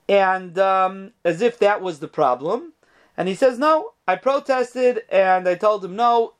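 High-voiced man teaching rabbinic texts. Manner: reads Hebrew quotes, then explains them in casual English with fillers. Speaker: Torah teacher. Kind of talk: lecture reading and translating rabbinic responsa.

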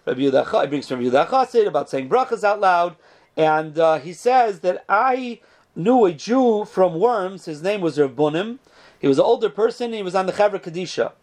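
A man's voice: high voice, expressive, brisk, a little mellow. A man giving a casual Torah lesson, telling stories and sprinkling in Hebrew terms. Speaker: Torah teacher.

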